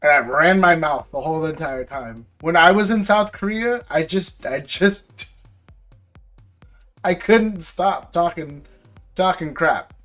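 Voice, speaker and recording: A young man chatting on a livestream in a rambling, ranting way, stumbling over and repeating his words. His voice sits a little high, and faint music plays in the background. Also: expressive, takes it slowly, a bit bright. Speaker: live stream host opening card packs. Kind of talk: casual livestream chat.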